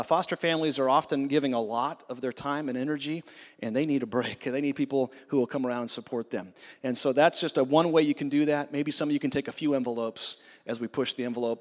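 A man's voice: mid-range voice, in a large hall. A male pastor giving informal church announcements in a friendly way. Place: church sanctuary.

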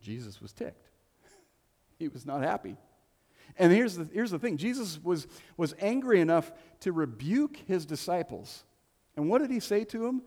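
Man, pastor preaching, mellow dark tone, joking asides, long church-hall reverb. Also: on the high side, sing-song, unhurried, pauses often. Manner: conversational and joking, with playful asides. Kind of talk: sermon. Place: church sanctuary.

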